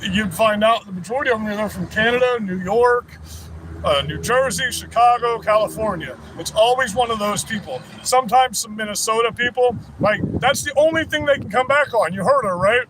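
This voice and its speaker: With a high-sitting voice and a slightly fast pace, this livestreamer rants casually at a rally counter-protest, profane, combative and wandering. Traffic and street noise fill the outdoor recording.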